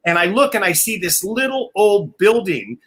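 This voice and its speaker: A man's voice: high-pitched, big pitch swings, moderate pace, a bit bright, slightly rough. A man telling wild road stories on a casual live video call, laughing often, swearing freely and acting out other people's voices. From family from Oklahoma.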